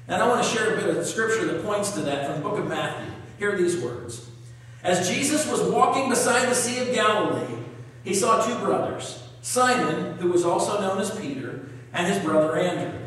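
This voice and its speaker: A man preaching a sermon, reading scripture aloud and asking his congregation questions. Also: high-pitched. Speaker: pastor. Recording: echoey hall, voice from far off.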